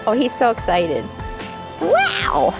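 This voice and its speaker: A woman's voice: fairly high pitch, huge pitch swings, takes it slowly, creaky. A woman vlogging outdoors by a boat, chatting and cooing baby talk to her pet. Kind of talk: casual vlog chat. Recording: vlog with background music.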